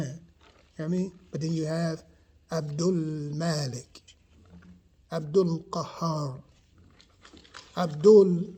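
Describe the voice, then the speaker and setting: A man's voice: fairly high pitch, darkish tone, a little hiss or hum. A man giving a casual spoken lesson, explaining patiently and checking in with his listeners as he goes. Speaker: teacher.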